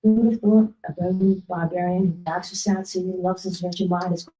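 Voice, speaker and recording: Excited woman, low voice. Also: a little fast, low-quality recording. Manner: excited, laughing, thanking her team. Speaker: award winner. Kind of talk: acceptance speech. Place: awards ceremony stage.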